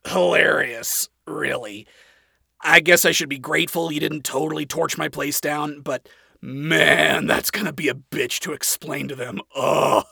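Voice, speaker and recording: A man doing a sardonic centuries-old hunter, gravelly. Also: on the high side, fairly even intonation, measured pace, pushed and bright, dry recording, studio quality, exaggerated voice. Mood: sarcastic. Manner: teasing, sarcastic drawl.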